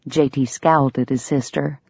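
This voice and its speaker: A woman narrating an audiobook in an expressive storytelling manner. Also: very deep voice, moderate pace, creaky, husky, no echo. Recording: dull, dry lo-fi sound.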